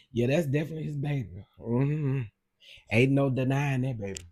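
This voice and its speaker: A man's voice: medium pitch, normal speed, warm tone, breathy edge. A man hosting a casual livestream, gossiping animatedly and exclaiming straight to his viewers. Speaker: livestream host.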